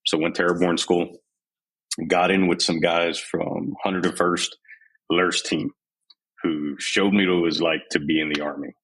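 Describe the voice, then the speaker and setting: On a rough recording, a podcast guest from San Antonio, Texas, in his forties, candidly tells stories of his army years. His very deep, husky voice is level in tone, a little slow and a bit bright, and he animatedly mimics the people he quotes.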